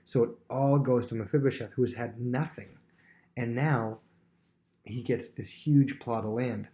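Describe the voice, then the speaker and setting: A man teaching a Bible lesson to students, telling the story in a lively way and acting out the characters' words. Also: medium pitch, measured pace. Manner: animated storyteller who acts out quotes.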